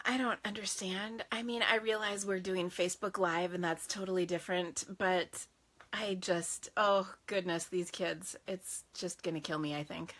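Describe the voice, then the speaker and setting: A woman's voice: on the low side, steady tone, normal speed, fairly bright tone, no echo. A woman hosting a casual live craft stream, chatty and gushing with lots of fillers. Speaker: craft show host.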